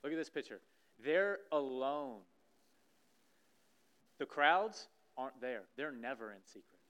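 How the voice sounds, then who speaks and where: Animated preacher with a smooth voice. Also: male voice, medium pitch, unhurried, lo-fi sound. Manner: animated preaching, acting out scripture scenes. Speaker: pastor. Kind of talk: sermon. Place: church sanctuary stage.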